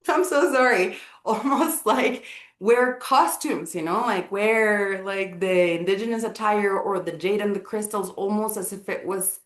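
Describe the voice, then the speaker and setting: A woman's voice: medium pitch, a little slow. Woman, medium voice, casual speaker on Maya wisdom, chatty with many fillers, echoey room. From Guatemala. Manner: chatty, apologetic asides, frequent "like" and "you know". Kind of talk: casual live talk. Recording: roomy echo.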